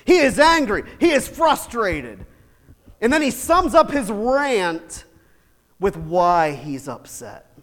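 A male pastor preaching a sermon, animated, swinging from loud emphatic bursts to quiet asides with chuckles. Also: sits high, slow. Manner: animated, shifts from shouting to hushed asides with laughs. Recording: long hall reverb.

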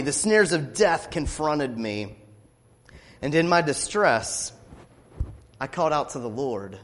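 A pastor preaching a sermon, passionately building up to loud declamation as he reads scripture. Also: a little high, sing-song, slow, pauses often. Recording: long reverb of a hall.

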